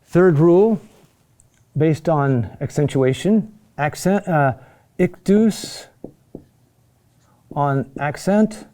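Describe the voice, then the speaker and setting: A man lectures at a board in a somewhat raised but mellow, warm voice. He speaks in short, patient phrases, restarting often and checking on his listeners with a quick "huh?". The delivery is slow and explanatory. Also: on the high side. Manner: halting and repetitive, with frequent "huh?" check-ins; patient, explanatory pacing with many pauses and restarts. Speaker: chant teacher.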